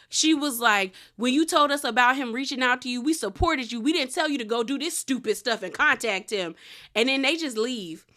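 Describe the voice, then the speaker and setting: A woman recapping a reality show in casual, animated commentary, acting out the quotes. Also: fairly high pitch.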